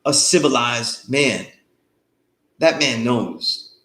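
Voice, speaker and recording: A man's voice: mid-range voice, takes it slowly, a bit bright, roomy sound. A man instructing an online course, lecturing in a loose conversational way and often checking in with his students. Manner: conversational, loose, often asks "you know what I mean?".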